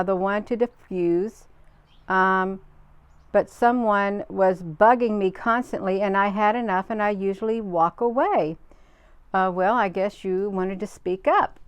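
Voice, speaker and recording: A woman's voice: mid-range voice, clear, resonant tone, dry recording. A woman hosting a casual livestream, chatting to viewers and answering their comments, who drives her points home by repeating them in short, emphatic bursts. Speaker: livestream host. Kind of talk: casual live-stream chat, reading viewer comments.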